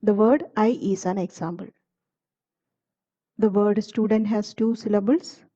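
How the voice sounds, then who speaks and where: A woman narrating a lesson in a steady, measured reading of definitions. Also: mid-range voice, dull audio. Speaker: teacher. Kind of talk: scripted explanatory narration.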